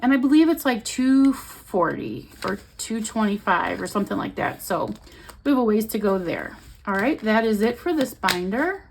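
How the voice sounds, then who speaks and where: A woman's voice: medium pitch, very animated, moderate pace, creaky, a little hiss or hum. A woman in her forties chatting casually as a budgeting vlogger, counting bills aloud as she talks. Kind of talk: casual chat.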